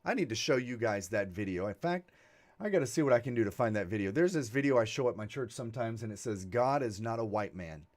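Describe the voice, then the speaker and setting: Man preaching a relaxed Sunday message. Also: on the low side, fast. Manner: warm, conversational preaching with laughs and asides. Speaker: reverend leading a Sunday broadcast. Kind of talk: sermon and guided meditation.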